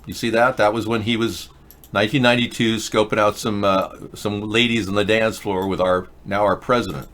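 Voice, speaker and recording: Fairly low-pitched and steady, this host talks fairly quickly in a slightly bright tone. His casual live-stream commentary is rambling and sarcastic, full of self-interruptions and restarts.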